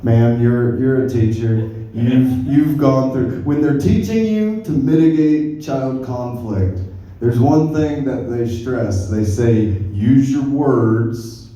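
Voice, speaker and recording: A young man doing a stand-up comedy set, telling stories in a laid-back, deadpan way. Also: medium pitch, slow pace. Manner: laid-back, deadpan storytelling with crowd laughter. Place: comedy club stage. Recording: roomy club sound from far off. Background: audience laughter.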